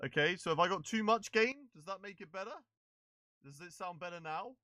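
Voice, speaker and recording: Male streamer, bright edge, dry close mic, casual live-stream chatter. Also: high voice, fairly quick, no echo. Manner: chatty, fiddling with settings, checking with chat. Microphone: desk microphone.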